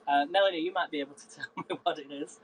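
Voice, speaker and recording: A man's voice: fairly high pitch, fairly even intonation, quick pace, a little hiss or hum, rough recording. A man chatting casually to viewers during a live cooking stream, often laughing and greeting people by name. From England. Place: home kitchen.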